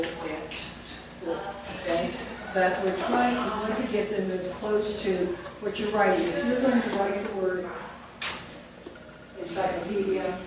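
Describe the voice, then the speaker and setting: A woman leading a teacher training workshop, dictating words and quizzing the room. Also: medium pitch. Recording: very echoey room from far off, with noise.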